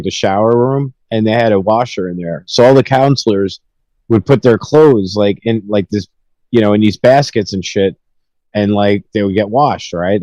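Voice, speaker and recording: A man's voice: on the low side, warm tone, no room sound, rough recording. A young man telling rambling, profanity-filled stories with laughs in a casual podcast chat. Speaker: podcast host.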